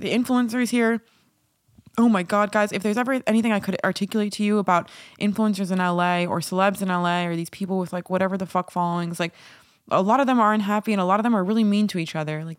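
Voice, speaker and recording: A woman's voice: medium pitch, dry recording. A young woman talks alone on her podcast, frank and rambling. She swears easily and laughs between thoughts. Her voice sits in the middle of the range and sounds dry and close to the mic. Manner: open, rambling, swears freely, laughs often. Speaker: podcast host. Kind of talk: candid solo podcast talk.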